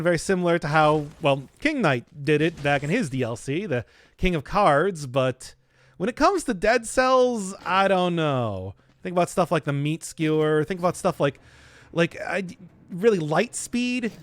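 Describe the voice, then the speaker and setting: A man streaming a video game, chatting casually with jokes and rambling restarts while answering chat. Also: high-pitched. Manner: jokey, rambling, self-interrupting. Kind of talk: casual gameplay commentary.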